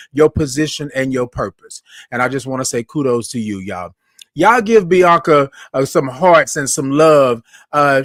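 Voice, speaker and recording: A man's voice: on the high side, a bit bright, no echo. Chatty male morning-show host, dry sound. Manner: greets viewers by name with drawn-out, sung greetings; Southern-style informal speech, says "y'all". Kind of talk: casual live-stream chat.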